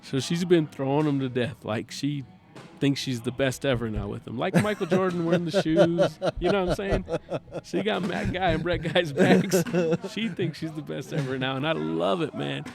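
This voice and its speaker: A man's voice: on the high side, moderate pace, creaky, darkish tone, faint music behind. A man, a guest on a talk show, chatting casually and animatedly, acting out bits of dialogue as he tells a story. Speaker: podcast guest, cornhole player.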